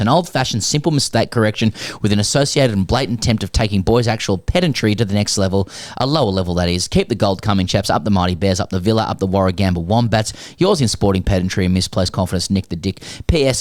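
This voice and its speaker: A man's voice: fairly low pitch, no echo, studio quality. An Australian man co-hosting a sports podcast, reading listener emails aloud in a wry, theatrical way with frequent laughs. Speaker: podcast co-host.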